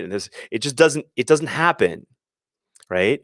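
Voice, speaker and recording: A man's voice: mid-range voice, expressive, measured pace, fairly bright tone, no room sound, clean studio sound. A man hosting a live sports show, talking casually and rambling, often restarting and acting out quotes. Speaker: host of a sports parenting show. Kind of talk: casual live-stream talk.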